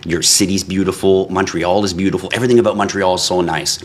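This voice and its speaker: A man from Canada runs a casual livestream in a somewhat low voice. He swears freely and teases his viewers while reading out their comments. His delivery stays lively and playful throughout. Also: fast. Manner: profane, teasing, animated. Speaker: crypto livestream host.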